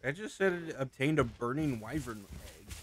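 A man's voice: mid-range voice, expressive, normal speed. A man co-hosting a casual game let's-play, giving short laid-back replies. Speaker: gameplay co-host.

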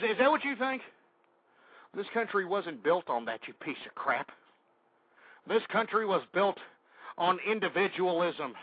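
A man's voice: high voice, no room sound, phone-quality sound. A man hosting a radio talk show, ranting angrily in political commentary and hurling insults, a little out of breath. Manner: angry ranting, shouting insults. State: out of breath, sweating.

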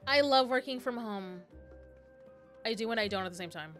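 A woman's voice: a little high, normal speed, a bit bright, soft background music. A young woman streaming a game, chatting casually, gushing and swearing, laughing often.

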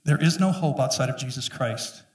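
A man in his fifties preaching a sermon as pastor, emphatic and joking, often acting out quick voices. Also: medium pitch. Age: 50s. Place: church sanctuary. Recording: echoey room, mic at a distance.

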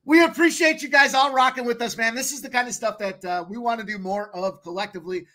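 A man hosting a sports betting live stream, hyping up his guests with slangy shout-outs in casual chat. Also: very high-pitched, quick pace. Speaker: host of a sports betting show.

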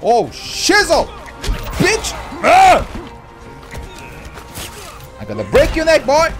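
A man giving let's play commentary, excitable and profane, yelling at the game. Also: very high voice, moderate pace. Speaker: gamer. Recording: with game music behind. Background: game music.

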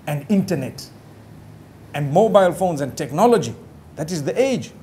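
This middle-aged man, an Islamic preacher, speaks in a high, warm voice with a little background noise behind him. Lecturing a live audience in sermon style, he keeps it casual with frequent "you know"s and performs the words of those he quotes.

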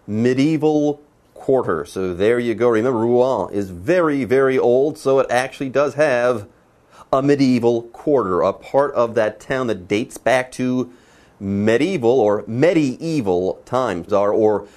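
A man's voice: medium pitch, a little slow, a little mellow. A man hosting an English lesson, explaining the text in an easygoing, joking way. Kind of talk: casual explanatory chat.

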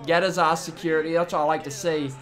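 Young male gaming YouTuber, high-pitched, hyped trash-talk with loud outbursts. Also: fast, soft background music. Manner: excitable, trash-talking the opponent, sudden loud outbursts. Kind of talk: let's-play commentary.

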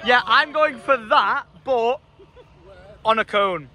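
A man's voice: extremely high pitch, takes it slowly, pushed and bright. A young man, vlogging casually with family and joking around playfully. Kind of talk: casual vlog chat.

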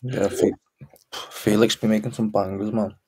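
A man chiming in on a live music review stream with short deadpan remarks. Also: lowish voice, moderate pace, breathy edge, no echo, studio quality.

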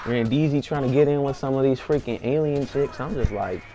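A man's voice: mid-range voice, a little fast. A young man telling a comic story-time tale in a slangy, rambling voice, full of fillers and bursts of hype. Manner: hyped, acts out friends' voices in quotes. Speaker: storyteller vlogger.

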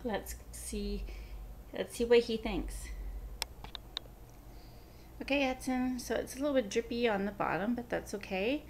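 A fairly high-voiced woman talks slowly and casually in her home kitchen, often slipping into a sing-song coaxing voice for her pets. Faint background noise sits under her voice. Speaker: pet vlogger. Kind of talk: casual pet vlog narration.

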